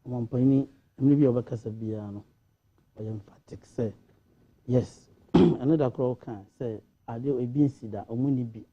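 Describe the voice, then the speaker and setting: Man, Ghanaian accent, husky voice, dull lo-fi sound, animated Twi-English panel talk. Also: mid-range voice, normal speed. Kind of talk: studio discussion.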